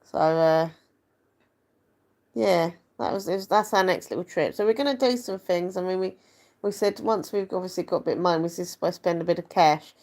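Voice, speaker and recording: A young woman vlogger talks casually to her camera. She rambles and pokes fun at herself, her voice sitting slightly low for a woman. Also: fairly quick, a little mellow. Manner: chatty, rambling, self-deprecating.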